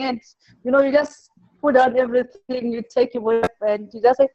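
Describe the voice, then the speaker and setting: Telling classroom stories in an interview, a female teacher from Zimbabwe speaks in a halting manner, repeats words and mimics the pupils she quotes. Her voice runs high with a steady tone, and the recording's highs are cut off.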